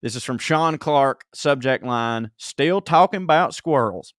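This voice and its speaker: A man co-hosting a comedy podcast, reading listener emails aloud with animated storytelling and frequent laughter. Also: mid-range voice, slow pace, dry recording, studio quality. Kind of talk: casual comedic podcast banter.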